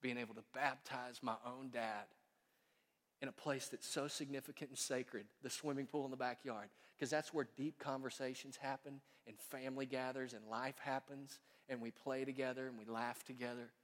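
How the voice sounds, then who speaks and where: A man preaching a sermon as pastor in a church sanctuary, folksy and storytelling, growing quiet and earnest. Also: mid-range voice, fairly even intonation, moderate pace. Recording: long reverb of a church hall.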